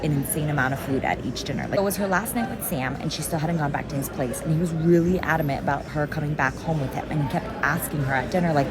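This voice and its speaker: A woman's voice: sits low, quick pace. A young woman in her twenties retelling a story in a breathless, gossipy vlog style. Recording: busy crowd noise behind.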